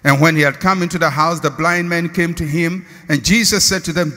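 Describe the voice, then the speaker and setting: A male pastor preaching a sermon, swinging from shouted lines to hushed, slow refrains. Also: a little high, fairly even intonation. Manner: slow, drawn-out repeated refrains. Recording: long hall reverb.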